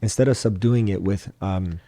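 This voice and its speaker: Man, low mellow voice, calm advice-giver, dry close sound, casual podcast chat. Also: normal speed, dry recording. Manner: calm, advice-giving, emphatic repetitions. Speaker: podcast co-host, doctor.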